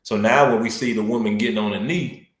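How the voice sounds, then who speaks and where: A man's voice: lowish voice, fairly quick, reverberant. A man speaking as a podcast guest, earnest and emphatic in casual conversation. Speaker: podcast guest, school assistant principal.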